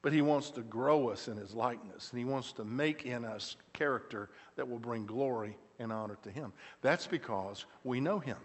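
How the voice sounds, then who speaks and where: A middle-aged man, a pastor preaching a sermon, telling stories with frequent restarts and shifting between loud emphatic lines and quiet, slow asides. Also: mid-range voice, breathy edge. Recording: church hall with long reverb.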